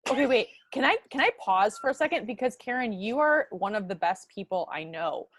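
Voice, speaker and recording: A woman's voice: fairly high pitch, lively intonation, brisk, no echo, studio quality. A woman co-hosting a podcast who reacts emphatically and speaks her mind in casual chat. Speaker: podcast co-host.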